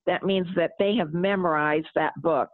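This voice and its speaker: A woman's voice: on the low side, steady tone, moderate pace, no echo. A middle-aged woman author answering interview questions and reading aloud from her novel, speaking earnestly. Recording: tinny phone line.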